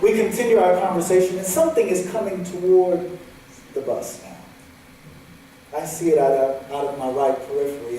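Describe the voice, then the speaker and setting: A fairly high-voiced man tells a personal story from the pulpit, sometimes lively and sometimes hushed. His voice rings through a very echoey hall from a distant mic. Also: a little hiss or hum. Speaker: guest speaker. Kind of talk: storytelling sermon.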